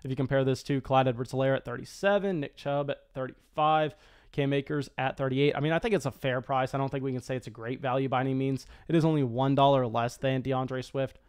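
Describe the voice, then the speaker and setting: A man's smooth, medium-pitched voice delivers live commentary on a fantasy football auction draft. He speaks quickly and eagerly, repeatedly stumbling and restarting his sentences.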